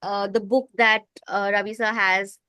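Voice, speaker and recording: A woman's voice: medium pitch, flat delivery, measured pace, bright, forceful tone, clean tone, dry recording. A woman facilitating an online study group, explaining at length with a tiring voice. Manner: explains at length, often restarts phrases.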